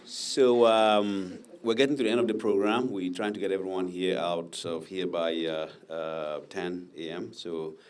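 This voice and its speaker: A man with a very deep voice hosts the ceremony program. He introduces speakers in a relaxed, halting way. Faint background noise sits under the recording. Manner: relaxed, hesitant with many fillers. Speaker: program emcee. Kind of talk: ceremony hosting.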